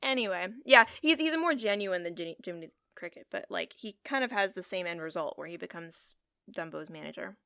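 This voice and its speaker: A woman's voice: lowish voice, animated, brisk, vocal fry, fairly bright tone, smooth, dry recording, studio quality. A woman co-hosting a podcast in casual chat, rambling and giggly with a taste for puns. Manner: giggly, rambling, pun-loving. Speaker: podcast co-host.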